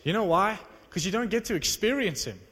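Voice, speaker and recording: A man preaching to a live audience, telling a story in an animated, conversational, self-mocking way. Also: high voice, brisk, breathy edge. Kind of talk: sermon storytelling. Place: large hall with live audience. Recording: long reverb of a large hall.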